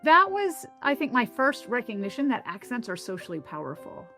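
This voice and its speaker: A woman from the American South, a linguist, talks through her memories and explains her ideas in a thoughtful, explanatory way. Her voice sits at a middling pitch for a woman. Soft music plays faintly behind her. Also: lively intonation, a little fast. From American South (Tennessee). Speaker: linguist, interview guest. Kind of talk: reflective interview storytelling.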